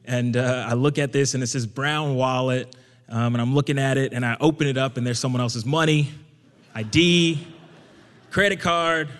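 A young man telling a personal story to an audience in a casual, conversational way, getting animated when he quotes himself. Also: medium pitch, moderate pace. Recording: long hall reverb.

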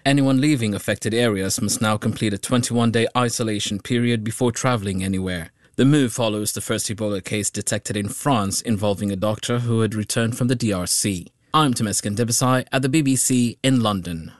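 A man reading a formal newscast in a steady voice. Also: lowish voice, fairly quick, hardly any pauses, dry recording, clean studio sound. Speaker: newsreader.

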